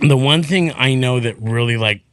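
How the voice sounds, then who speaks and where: A man's voice: medium pitch, normal speed, smooth. A man, a stand-up comedian guesting on a podcast, telling stories in casual chat and acting out what other people said, swearing freely. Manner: animated, acts out quotes of others, swears freely.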